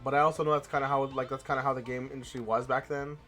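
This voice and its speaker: A man's voice: medium pitch, level tone, rapid-fire, fairly bright tone, faint music behind. A young man hosting a let's play, chatting in a rambling, casual way with frequent restarts. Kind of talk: casual gaming commentary.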